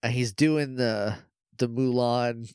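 A man co-hosting a podcast, casually retelling a TV episode in an animated way, peppered with "like" and quick impressions. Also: medium pitch, clear, resonant tone, dry recording, studio quality. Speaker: podcast co-host. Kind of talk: casual episode recap chat.

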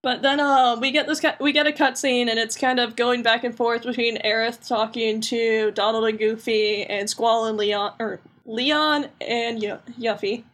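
A young woman co-hosting a casual podcast, chatty and quick to laugh. Her voice sits somewhat higher than most women's. She tells her recaps in a loose, playful way. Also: steady tone, fairly bright tone. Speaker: podcast co-host. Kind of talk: casual chat.

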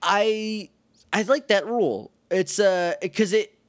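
A man co-hosting a casual podcast, recapping a TV episode with lots of laughter and quick acted-out asides. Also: high-pitched, dry recording. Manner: excitable, laughs often, acts out lines in quick asides. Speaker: podcast co-host.

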